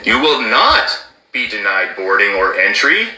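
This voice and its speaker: A man's voice: lowish voice, very animated, measured pace, pushed and bright, reverberant, poor audio. A man explaining rules in an emphatic commentary, stressing key words and checking in with "okay?". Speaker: former border officer commentator.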